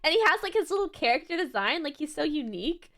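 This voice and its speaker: High, giggly young streamer woman. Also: sing-song, fast, fairly bright tone. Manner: giggly, rambling, full of "like" and restarts. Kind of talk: casual reaction chat.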